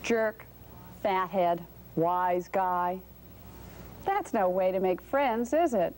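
Children's TV host, woman, mellow and patient, faint old-tape hiss. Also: medium pitch, slow. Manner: gentle, questioning, patient. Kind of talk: talking to young viewers.

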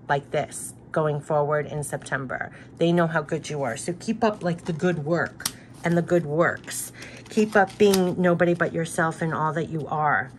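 A woman's voice: low voice, slight background noise. A woman reading tarot-style spirit cards, speaking straight to the viewer, encouraging, with many repeated phrases and loose restarts. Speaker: spiritual card reader. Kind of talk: card reading, direct address.

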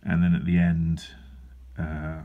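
A man's voice: deep voice, monotone, slow, phone-quality sound. A man, a comic artist, chatting casually while he draws, full of dry, self-deprecating humour and rambling asides. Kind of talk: casual drawing vlog chat. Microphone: handheld wobbling camera.

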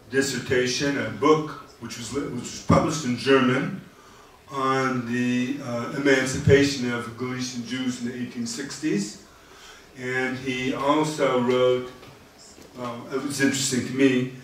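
A man delivers a public history lecture in a measured, halting way, pausing often with "uh" between phrases. His voice sits at an ordinary middle pitch. It is picked up from some distance in a very echoey hall with a faint room hum behind it. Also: fairly bright tone.

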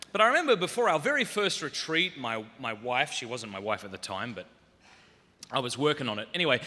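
A man from Australia, whose Australian accent has softened, gives a humorous talk to a conference audience in a large hall, telling self-deprecating stories with comic asides. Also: medium pitch. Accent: muted Australian. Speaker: conference speaker. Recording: long reverb of a large hall.

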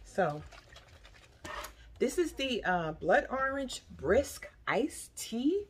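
Talking extremely slowly in a voice that's a little high, a woman snacks her way through a casual haul vlog, sometimes with her mouth full as she chews. She's chatty and expressive and often says "y'all," with slight background noise.

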